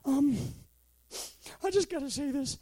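A man quoting a soft, sorry teenage girl. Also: extremely high pitch, measured pace, dry recording, studio quality. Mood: remorseful. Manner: soft, hesitant, apologetic. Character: remorseful teenage girl, quiet and apologetic.

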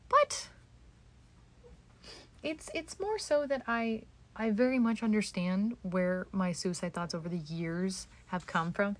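A woman hosting a solo podcast from home, talking candidly and self-deprecatingly, swearing freely and sometimes dropping to a whisper. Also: medium pitch. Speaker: podcast host. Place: home, indoors.

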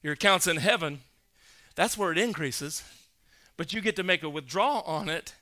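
A male pastor preaching a sermon, emphatic, building to loud, insistent peaks and quizzing his congregation. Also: high voice, lively intonation, moderate pace.

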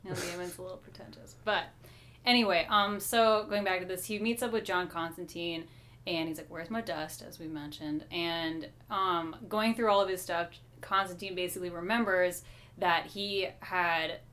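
A woman's voice: lowish voice, steady tone, moderate pace, a bit bright. A woman co-hosting a podcast, chatting casually and easily about a comic book with frequent fillers. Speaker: podcast co-host.

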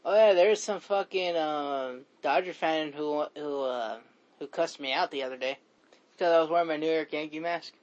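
A man's voice: a little high, normal speed. A man co-hosting a podcast, telling a story with laughs and lots of swearing, on a dull lo-fi recording. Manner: laughing, profane, acts out quotes. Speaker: podcast co-host. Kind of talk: casual profane storytelling. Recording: dull lo-fi sound.

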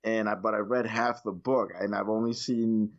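A man's voice: fairly low pitch, steady tone, normal speed, lo-fi sound. A man in his late thirties, a podcast guest in casual chat, rambling with many fillers and swearing freely. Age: 30s.

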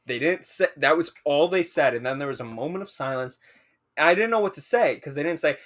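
A young man with a slightly raised voice tells a story casually. He is animated and swears freely. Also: fairly high pitch, brisk. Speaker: podcast co-host.

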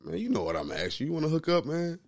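A man's voice: on the high side, big pitch swings, fast talker, gravelly. A man in his thirties co-hosting a podcast, telling a story in casual chat, full of slang and repeating "you know what I'm saying". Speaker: podcast co-host.

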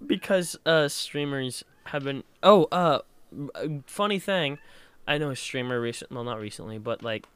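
A man's voice: medium pitch, lively intonation, normal speed, few pauses, fairly bright tone, clean tone, no room sound. A man co-hosting a casual chat, hesitant and rambling, often restarting and laughing. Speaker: podcast co-host.

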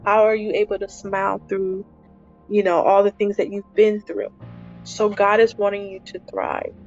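A woman's voice: mid-range voice, level tone, normal speed, darkish tone. A woman hosting a devotional podcast, speaking earnestly and repeating her phrases for emphasis. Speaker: podcast host. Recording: dull lo-fi recording, faint music.

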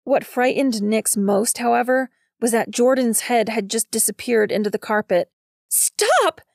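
Woman narrator, audiobook reading, gravelly voice, steady and measured, dry close sound. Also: on the high side, no room sound.

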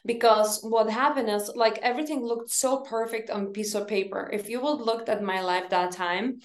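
A woman speaks as an interview guest in a voice a little higher than most. She tells her story earnestly and emphatically, with slightly grammar. The recording has a roomy, echoey sound. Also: normal speed. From Lithuania. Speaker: podcast guest, company founder.

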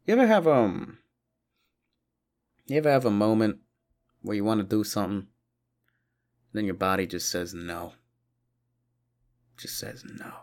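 A young man hosting a solo podcast, rambling and swearing, with sudden loud mock-indignant bursts. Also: lowish voice, expressive, normal speed, long pauses. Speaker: podcast host. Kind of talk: solo comedic rant.

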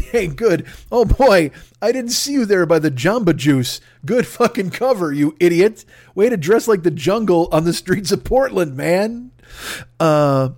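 On a comedy podcast, a man rants in a profane, rambling way, often bursting out in exasperation. His slightly mellow voice sits a bit higher than most men's, recorded dry and close on a studio mic with no room sound or echo.

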